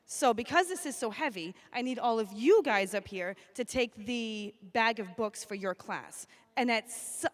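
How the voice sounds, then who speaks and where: Cheerful woman at a school assembly, fairly high voice, chatty and upbeat as she calls kids up to the stage. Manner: upbeat, chatty, calling out names and classes. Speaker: school staff member presenting at an assembly. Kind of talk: addressing children at a school assembly.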